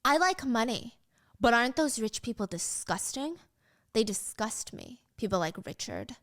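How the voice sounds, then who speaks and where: A woman's voice: a little high, big pitch swings, normal speed, a bit bright, dry recording, clean studio sound. A woman voicing a violent, vengeful male office worker who taunts and menaces as she retells a scene. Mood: taunting.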